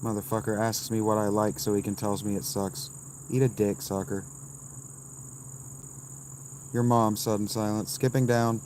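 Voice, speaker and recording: A man in his thirties with a lowish voice fires off short, blunt answers to his live chat, often brushing people off. He streams from a campsite outdoors, with faint insects and crickets humming behind him. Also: flat delivery, a little mellow, slight background noise. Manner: blunt, dismissive quick answers.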